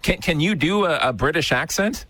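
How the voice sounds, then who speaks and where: A man's voice: on the high side, animated, normal speed, fairly bright tone, dry recording. A man hosting a radio show, teasing his co-host in casual banter. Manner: teasing, playful.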